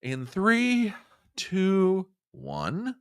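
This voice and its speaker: A man's voice: huge pitch swings, very slow, clear, resonant tone, no room sound, clean studio sound. A man hosting a political commentary show, ranting angrily and sarcastically. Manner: angry, sarcastic, swinging between low growl and shouting.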